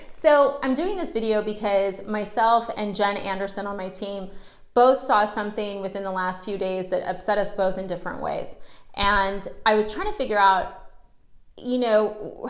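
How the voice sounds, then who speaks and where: A woman's voice: medium pitch, reverberant. A woman mortgage loan officer chatting casually to her viewers and animatedly acting out stories about pushy salespeople. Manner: chatty, animated, acts out quotes. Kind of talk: casual storytelling vlog.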